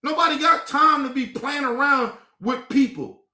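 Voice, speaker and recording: Streamer, male, high and bright-voiced, heated rants with shouted bursts, roomy sound. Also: moderate pace. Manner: profane, exasperated ranting, rising to shouts. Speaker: political commentary streamer. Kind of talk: casual heated commentary.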